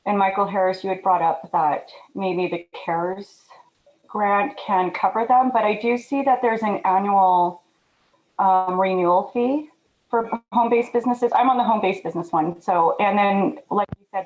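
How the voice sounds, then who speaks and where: Woman, board member on a video call. Mid pitch, tentative, thinking aloud. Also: fairly even intonation, moderate pace, muffled recording. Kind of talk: online meeting discussion.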